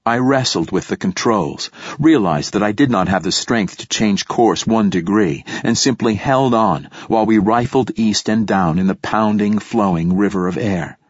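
A man narrating a story in the first person, in a steady, measured way. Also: on the low side, husky, no room sound. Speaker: audiobook narrator. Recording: dull lo-fi dry recording.

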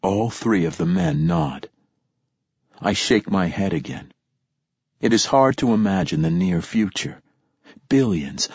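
A man narrates an audiobook in the first person, with a steady, reflective reading. His voice is low and husky. The recording is dull and very dry. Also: no room sound.

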